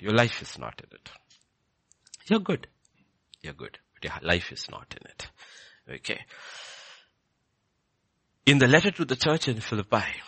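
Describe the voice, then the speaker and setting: A man preaching a sermon, animated and repetitive, building to emphatic peaks. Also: lowish voice, slightly rough, no echo.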